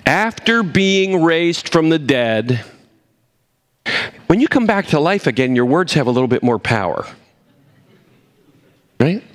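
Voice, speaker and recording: A man preaching a sermon, animated, swinging between emphatic points and low, quiet asides. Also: measured pace, long pauses. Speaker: pastor.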